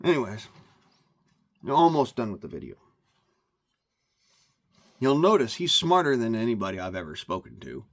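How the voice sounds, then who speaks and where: A man's voice: medium pitch, very animated, moderate pace, pauses often. A man ranting into the camera for his vlog, emphatic and meandering, often repeating himself. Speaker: vlogger. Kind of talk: rambling rant to camera.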